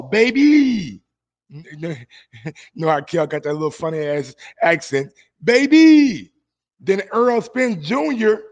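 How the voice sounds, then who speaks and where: Young guy doing laid-back sports commentary, kinda high voice, chatty, repeats himself a lot.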